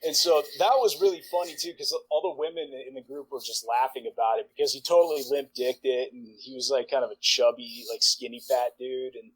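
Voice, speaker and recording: A man in his forties, a podcast guest, telling a long profane anecdote in a rambling way full of "like" and quick laughs. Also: medium pitch, steady tone, slightly rough, low-quality recording. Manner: rambling, profane, filler-heavy, laughs mid-sentence. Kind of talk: casual storytelling anecdote.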